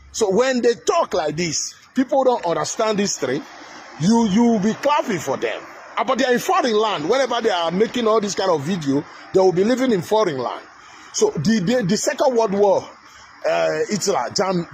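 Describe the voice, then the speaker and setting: A man's voice: sits high, a little hiss or hum, rough recording. A man with a Nigerian accent giving heated, scornful commentary, with many fillers and restarts. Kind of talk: ranting commentary.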